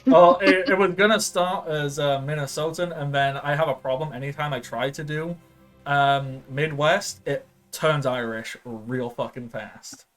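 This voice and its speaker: A man's voice: fairly high pitch, fairly even intonation, unhurried, soft background music. A man as game master narrating a tabletop game, chatty and loose with many fillers.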